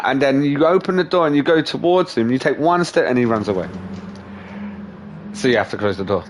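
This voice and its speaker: A man hosting a stream, chatting casually and telling animated stories full of swearing and animal impressions. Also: medium pitch, a little fast, slight background noise. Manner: animated storyteller, swears a lot, mimics animals. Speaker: streamer host. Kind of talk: casual chat.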